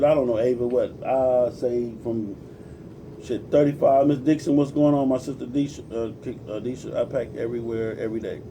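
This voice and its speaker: A man in his forties from Compton, California, rants on a casual livestream, cursing freely and greeting viewers by name as he preaches. His mid-range voice has a warm tone. The mic is distant, with slight background noise.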